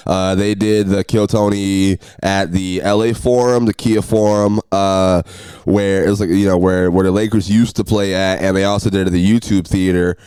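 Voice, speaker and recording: A young man hosting a solo podcast, telling road stories in an animated, ranting way that jumps high and loud when he gets worked up. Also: normal speed, clear, resonant tone, no room sound. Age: young adult. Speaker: podcast host.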